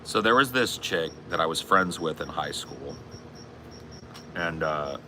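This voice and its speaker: A man's voice: rumbling low, animated, unhurried, background noise. A man in his forties chatting casually on a live stream, rambling and swearing in a bro-ish way. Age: 40s. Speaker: streamer and podcast host.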